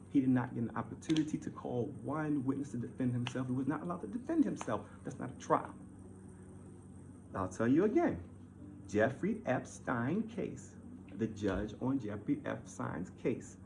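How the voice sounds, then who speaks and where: A man's voice: gravelly, background noise. Heated man ranting. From Baltimore. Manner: heated, repetitive, swings from loud to low. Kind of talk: ranting monologue.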